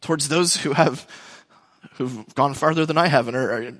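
A man's voice: mid-range voice, moderate pace, fairly bright tone. Preacher man in a reverberant hall. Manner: conversational, rambling with restarts and asides. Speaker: pastor. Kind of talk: sermon.

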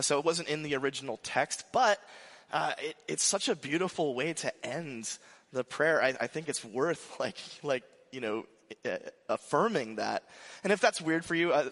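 Animated preacher man in an echoing hall. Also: fairly high pitch. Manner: animated, frequent restarts and asides. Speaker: pastor. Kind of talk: conversational sermon. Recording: long hall reverb.

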